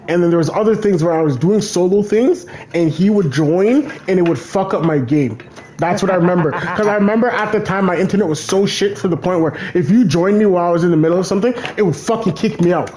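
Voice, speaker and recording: A man's voice: high-pitched, fast talker, warm tone, slight background noise. A man streaming casually, rambling through stories with lots of swearing and repeated phrases. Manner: rambling storytelling, heavy swearing, repeats himself. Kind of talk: casual chat over a game.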